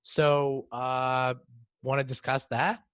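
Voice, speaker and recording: A man's voice: medium pitch, flat delivery, takes it slowly, fairly bright tone, clean tone, no echo. A teenage boy co-hosting a casual podcast discussion, explaining ideas with frequent restarts and repeated words. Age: teens. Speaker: podcast co-host.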